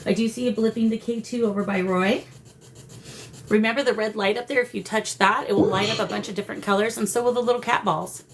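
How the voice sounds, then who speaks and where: A woman hosting a live paranormal spirit session, coaxing the spirits and greeting her viewers in a warm, emotional way. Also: on the high side, fairly even intonation, quick pace, slight background noise. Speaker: paranormal livestream host.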